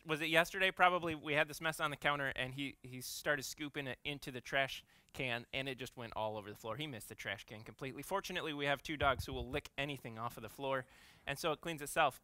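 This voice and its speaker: Bright, crisp-voiced pastor telling stories. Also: male voice, on the high side, no echo. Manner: storytelling, playful and self-mocking. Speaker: executive pastor. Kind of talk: conversational sermon.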